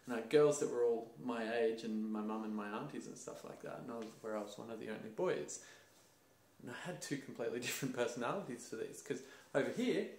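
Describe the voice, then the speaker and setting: Man, host, lively storytelling, mid-pitched voice, roomy echo. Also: quick pace. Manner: animated storytelling, acts out voices and laughs. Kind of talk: casual conversation about masculinity.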